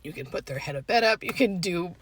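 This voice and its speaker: A young adult woman, a hospice nurse, talking tearfully to the camera from her parked car, halting and fighting back tears. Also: lowish voice, expressive, fairly bright tone, husky. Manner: halting, emotional, restarts with fillers. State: tearful, holding back crying. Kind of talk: emotional vlog, talking to camera.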